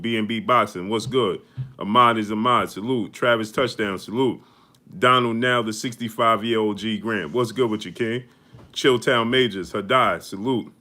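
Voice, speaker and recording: Male host, bright forceful voice, casual high-energy shout-outs to live chat. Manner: energetic, greets viewers one by one with slang. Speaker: host of a boxing live stream.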